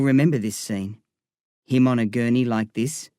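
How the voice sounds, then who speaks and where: A man reading a first-person novel aloud in a measured storytelling manner. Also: medium pitch, steady tone, warm tone, no echo, clean studio sound. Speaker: narrator. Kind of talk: audiobook narration.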